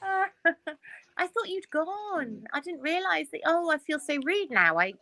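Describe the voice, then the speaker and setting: A woman's voice: very high voice, sing-song, unhurried, pushed and bright, no room sound. A woman chatting casually as a guest, laughing often between her lines. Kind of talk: casual chat.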